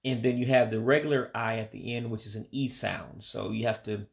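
Man slowly teaching vocabulary. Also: lowish voice, fairly even intonation, vocal fry. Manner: slow, careful repetition of words; hesitant with fillers. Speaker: language learner teaching vocabulary. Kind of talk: casual vocabulary lesson.

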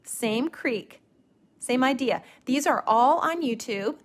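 A middle-aged woman teaching a watercolor stamping technique in a live craft demonstration, talking in a relaxed, gently instructive way and often restarting her sentences. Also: high-pitched, takes it slowly.

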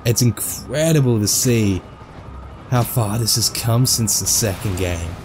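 A man giving casual, jokey let's-play commentary, excitable and full of goofy asides. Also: fairly low pitch, measured pace, noisy background. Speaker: gameplay commentator.

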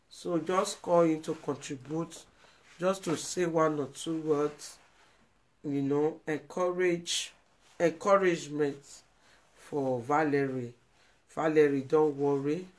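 A woman's voice: low-pitched, darkish tone. A Nigerian woman hosting a live video, speaking in an emotional, pleading way and repeating herself. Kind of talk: emotional live-stream commentary.

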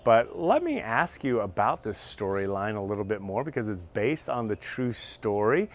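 A man's voice: fairly low pitch, big pitch swings, normal speed. A man hosting an interview, upbeat and enthusiastic toward his guests. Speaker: interview host.

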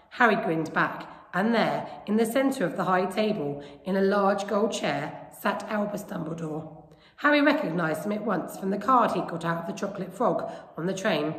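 A woman teacher, reading a children's novel aloud with expressive storytelling. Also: mid-range voice. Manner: expressive storytelling, lively name calls. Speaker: primary school teacher. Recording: echoey room with long reverb.

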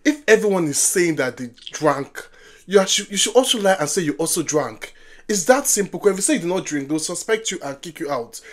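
Woman yelling at a movie on screen. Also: fairly low pitch, lively intonation, brisk. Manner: exclaims and yells at the characters on screen; talks back to the film with slangy asides. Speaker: movie reaction host. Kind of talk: first-time movie reaction.

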